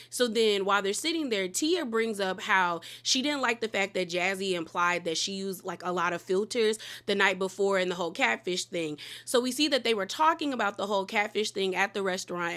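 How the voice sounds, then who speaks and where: Woman, reality TV recap, chatty, animated, gossipy asides, bright voice. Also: mid-range voice. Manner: chatty, animated retelling with quoted voices and laughs; uses "girl" and "okay?" asides. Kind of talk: casual reality show recap.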